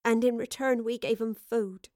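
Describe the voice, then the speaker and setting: Timid young woman survivor, read by a woman, uneasy, colloquial speech, higher voice. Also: fairly even intonation, normal speed, a little mellow, dry recording, studio quality, close to an everyday voice.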